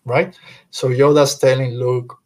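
An earnest man hosting a casual fan podcast, his voice pitched in an ordinary middle range. He talks emphatically and keeps circling back to repeat his point for stress. His delivery stays loose and conversational, dropping a casual "man" at the end of his lines. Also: flat delivery, a little slow, a little mellow. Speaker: podcast host.

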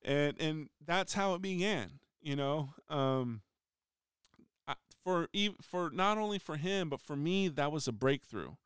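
A man's voice: fairly high pitch, expressive, unhurried, a bit bright, clean tone, no echo, studio quality. A middle-aged man, a union steward, telling a story in a casual, rambling monologue with many restarts. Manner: rambling, frequent restarts, acts out quoted voices. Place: voice message recording.

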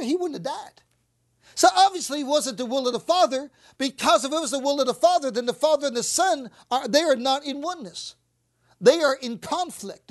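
Preacher, woman with a high voice, emphatic sermon delivery that acts out the lines she quotes. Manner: emphatic, repeats phrases, acts out scripture quotes.

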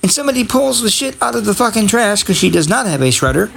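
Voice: medium pitch, very animated, fast talker, vocal fry. A podcast host in a casual, rambling monologue, profane and sarcastic. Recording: loud background noise and crowd chatter.

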